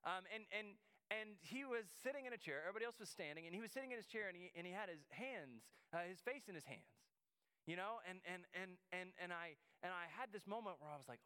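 A man's voice: on the high side, expressive, quick pace, sharp tone, clean tone. A man preaching a sermon as pastor, telling a story with many restarts and repeated words. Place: church sanctuary.

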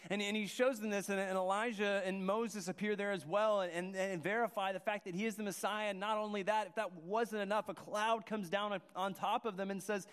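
A man's voice: high-pitched, fairly even intonation, a little fast, hardly any pauses, a bit bright, clear, resonant tone. A man preaching a sermon, earnest and restarting his phrases as he goes. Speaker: pastor. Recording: long hall reverb.

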